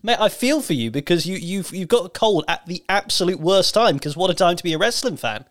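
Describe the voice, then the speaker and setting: A man hosts a chatty podcast, his voice pitched a little higher than most men's. He talks with the energetic, polished delivery of a professional broadcaster. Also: a little fast. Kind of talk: casual podcast chat.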